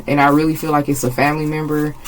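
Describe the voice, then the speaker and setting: A woman's voice: low voice, level tone, quick pace, slight background noise, rough recording. A woman giving a casual tarot reading, blunt and emphatic, swearing freely and repeating her phrases. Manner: emphatic, gets agitated. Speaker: tarot reader.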